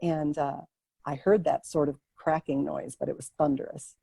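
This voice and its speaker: Woman, interview guest, gravelly voice, dry close sound, vivid emotional storytelling. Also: sits low, moderate pace, dry recording, rough recording. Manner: vivid, expressive, animated retelling with many restarts.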